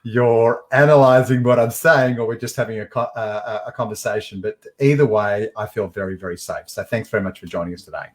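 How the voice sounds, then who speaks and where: A man's voice: fairly low pitch, a little fast, few pauses. A man hosting a casual live-stream interview, chatty and rambling with many fillers. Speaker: show host.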